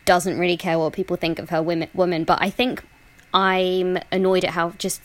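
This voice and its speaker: Lower-voiced woman, thoughtful chat. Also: flat delivery, moderate pace, no room sound. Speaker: podcast guest. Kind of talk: casual chat.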